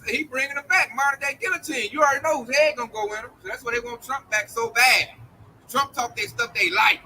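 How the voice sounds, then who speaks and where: High, sharp-voiced blunt preacher man. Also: quick pace, slight background noise, low-quality recording. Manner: blunt, slangy, mocking, acts out voices. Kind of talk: informal street-style sermon.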